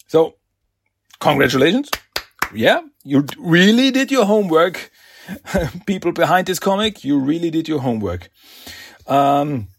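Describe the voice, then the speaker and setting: A man's voice: fairly high pitch, husky, no echo, studio quality. A man hosting a podcast, casually recapping a comic with lots of fillers and laughs. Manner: animated, filler-heavy, laughs often. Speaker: podcast host.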